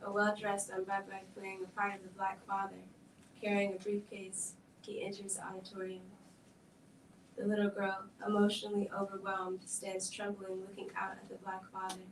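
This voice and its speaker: A mid-range female voice delivers a measured dramatic script reading at a film event, keeping a flat, even tone throughout. She sounds far from the microphone in a reverberant hall, with faint noise behind her.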